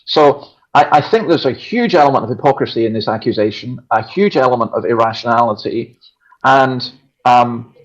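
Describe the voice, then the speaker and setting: A man's voice: mid-range voice, normal speed. A man with a Scottish accent, a pastor talking earnestly and emphatically in a conversational religious discussion, often restarting his sentences. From Scotland. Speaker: pastor and show regular. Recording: dull lo-fi sound.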